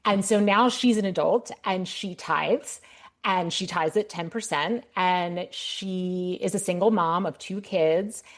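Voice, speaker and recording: Low-voiced woman podcast host. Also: slow. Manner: candid, storytelling with many restarts. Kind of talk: casual interview chat.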